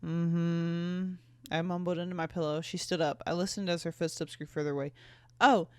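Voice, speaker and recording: A woman's voice: sits low, fairly even intonation, fast, darkish tone, dry recording, studio quality. Giggly, tipsy young woman podcaster. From North Carolina. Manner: giggly, self-mocking. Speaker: podcast host. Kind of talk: reading her teen fanfic aloud with laughing asides.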